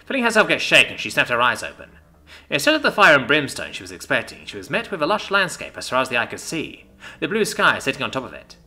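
A man narrating a story in an expressive, animated reading voice. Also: medium pitch, quick pace. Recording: soft background music.

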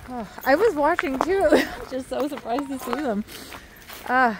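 High, lively woman calling her dogs. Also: unhurried, background noise. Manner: switches to high sing-song praise when calling the dogs. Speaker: dog walker. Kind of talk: casual vlog narration while walking dogs. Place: outdoors on a trail near a river.

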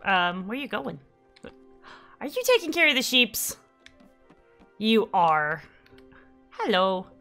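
A woman's voice: mid-range voice, very animated, slow pace, pauses often, pushed and bright, faint music behind. A woman casually commenting while playing a video game, giggly and chatty, often confused. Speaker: gaming YouTuber. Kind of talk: casual let's play commentary.

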